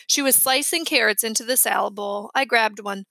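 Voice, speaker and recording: A woman reading a children's chapter book aloud with lively storytelling. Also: on the high side, moderate pace, vocal fry, no room sound. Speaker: reader.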